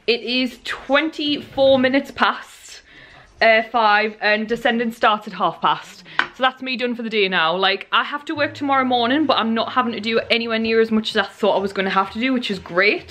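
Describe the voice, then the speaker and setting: Excitable bright-voiced woman vlogging. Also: fairly high pitch. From United Kingdom. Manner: excitable, gushing, rushed chatter. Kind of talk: casual vlog chat. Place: at home in a living room. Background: television audio.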